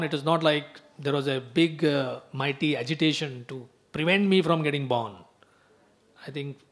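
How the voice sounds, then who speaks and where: A male preacher telling a sacred story in an animated sermon and acting out the characters. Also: on the high side.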